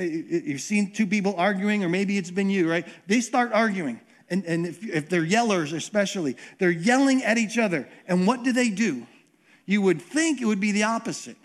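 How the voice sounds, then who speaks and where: A pastor preaching a conversational sermon, often repeating words and acting out what people say. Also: male voice, high voice.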